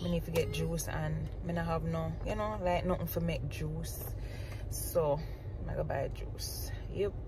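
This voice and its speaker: Slow-talking woman vlogging. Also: low voice, fairly even intonation, background noise. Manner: chatty, coos at her small child. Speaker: family vlogger. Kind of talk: casual vlog chat to camera.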